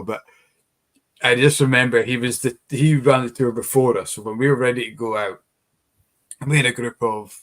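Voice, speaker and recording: Rambling man telling a story. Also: mid-range voice. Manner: rambling, with many fillers and restarts. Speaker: co-host, tour guide. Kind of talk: casual storytelling in live chat.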